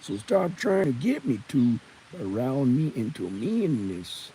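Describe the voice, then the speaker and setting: A man talking to a camera on a tripod outdoors in the woods, rambling and halting with many fillers and restarts. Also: medium pitch, sing-song, dark tone, a little hiss or hum. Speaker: vlogger. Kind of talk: rambling casual monologue.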